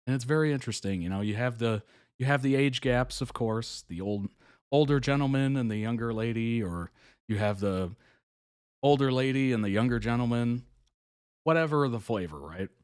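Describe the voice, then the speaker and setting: A man's voice: medium pitch, normal speed, smooth, no room sound. Chatty man with a dry close mic. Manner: chatty storyteller, chuckles often, quotes people in animated voices. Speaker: reaction video host. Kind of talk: casual chat recounting a reality show.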